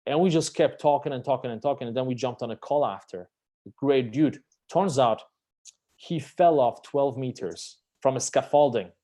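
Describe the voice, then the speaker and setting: A male guest on a live stream tells stories in an animated, emphatic way, with casual swearing. His voice sits at a middle pitch for a man. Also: moderate pace. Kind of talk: live-stream conversation, storytelling.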